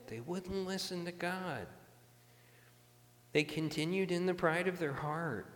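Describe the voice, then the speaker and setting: A man delivers an earnest sermon, talking to the congregation in a conversational way and often circling back to restart a phrase. His voice sits a little high for a man. A long reverb trails each phrase, as in a large hall. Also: measured pace, fairly bright tone. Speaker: pastor.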